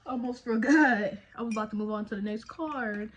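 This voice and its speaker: Doing her makeup indoors at home, a twentysomething Texan beauty vlogger keeps up a jokey, slang-filled chatter full of trailing fillers. She speaks a little fast in a fairly high voice, with slight background noise.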